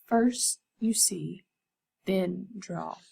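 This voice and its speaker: A woman voicing a brisk, enthusiastic female art teacher who gives emphatic instructions to her students. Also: medium pitch, expressive, a little mellow. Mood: encouraging.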